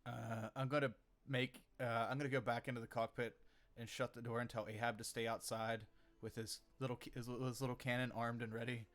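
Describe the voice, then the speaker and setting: A man's voice: medium pitch, level tone, brisk, a bit bright. A man speaking as a player in a tabletop game, casual and hesitant, swearing now and then.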